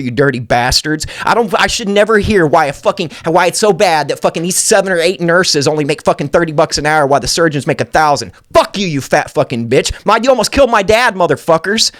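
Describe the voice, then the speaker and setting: A man's voice: on the high side, fairly bright tone. A man hosting an uncensored podcast, ranting angrily and swearing constantly. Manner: angry, profane ranting. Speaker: podcast host.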